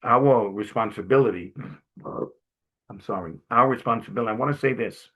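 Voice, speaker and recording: A middle-aged man from Brooklyn, a jovial, animated guest speaker telling stories to a class and often clearing his throat. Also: medium pitch, moderate pace, dull audio. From Brooklyn, New York. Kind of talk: storytelling talk to a class.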